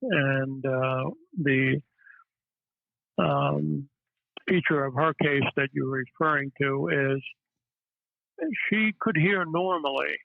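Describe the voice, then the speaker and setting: A man, a psychiatrist guest, telling stories in a halting way with many fillers. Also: medium pitch, gravelly, no echo. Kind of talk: casual interview storytelling. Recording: tinny phone-line audio, dry.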